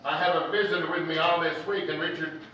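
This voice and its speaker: A man's voice: fairly high pitch, fairly even intonation, quick pace, pushed and bright, a little hiss or hum. A man preacher giving a folksy, joking sermon in a conversational storytelling manner. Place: church hall. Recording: echoey, distant, dull church recording.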